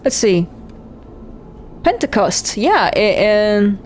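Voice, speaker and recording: A woman's voice: a little high, expressive, normal speed, a little hiss or hum. A woman streamer who chats casually, swears freely and reads game text aloud. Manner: swears freely, rambling and incredulous.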